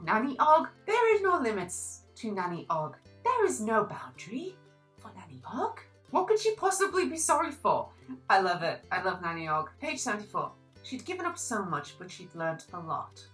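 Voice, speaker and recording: A young woman chatting through a book review, her voice bright and forward with a lively, swooping pitch. She gushes and gets animated about favourite characters. Faint music sits under her talk. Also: moderate pace, rough recording. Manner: animated, gushing, reads quotes aloud. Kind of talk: casual book review vlog.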